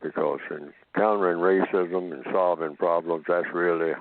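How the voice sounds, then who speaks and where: A man with a very deep voice explains himself at a measured pace and circles back to repeat his points. He is heard over a tinny, phone-like line. The sound is dry and close, with no room around it. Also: fairly even intonation, no echo. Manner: slow, measured, repeats phrases for emphasis. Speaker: radio program guest answering callers. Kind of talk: call-in radio talk.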